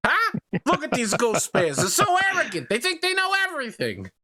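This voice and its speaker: A man's voice: huge pitch swings, moderate pace, bright, forceful tone, breathy edge, heavily acted. A man voicing a brash, ranting male commentator with a put-on New York accent. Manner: ranting, high-pitched, heckling.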